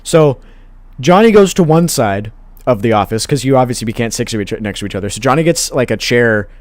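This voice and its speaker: A man's voice: medium pitch, expressive, fairly quick, no room sound. Laid-back young man, dry sound. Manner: rambling, laid-back, profane storytelling with fillers. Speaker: podcast co-host. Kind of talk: casual storytelling chat.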